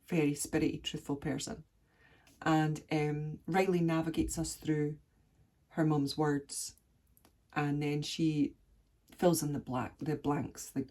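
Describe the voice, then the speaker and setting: A woman's voice: deep voice, mellow, breathy edge, no room sound. A woman reviewing a book in a casual vlog. She talks in an effusive, emotional way with many fillers. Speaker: vlogger.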